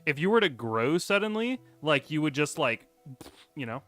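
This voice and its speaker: A man's voice: on the high side, very animated, moderate pace, fairly bright tone, soft background music. A man running a tabletop game as game master, narrating and ruling in a laid-back, chatty way.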